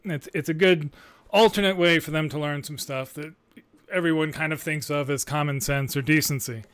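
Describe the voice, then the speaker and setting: A man in his thirties hosting a podcast, ranting with animated sarcasm and swearing when riled. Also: on the high side, normal speed, smooth. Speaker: podcast host.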